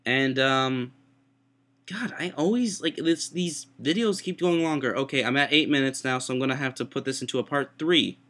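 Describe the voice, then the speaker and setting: A young man who is sick with a sore throat tells a rambling, self-mocking story into his webcam, breaking into high-pitched voices for quotes. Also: moderate pace, fairly bright tone. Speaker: vlogger. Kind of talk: casual storytelling.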